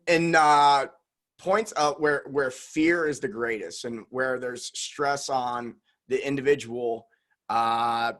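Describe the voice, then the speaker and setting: An easygoing male podcast host with a light Southern drawl talks slowly and calmly. He works his thoughts out aloud as he goes and often backs up to restart a phrase. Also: mid-range voice. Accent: slight Southern drawl. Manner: relaxed, pleasant, thinks aloud with many restarts. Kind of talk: casual conversational interview.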